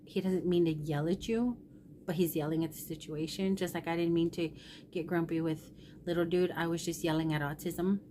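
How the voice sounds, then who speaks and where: A woman's voice: on the low side, fairly even intonation, normal speed, warm tone, a little hiss or hum. A middle-aged woman vlogger telling a personal story in a candid, rambling, emotional way.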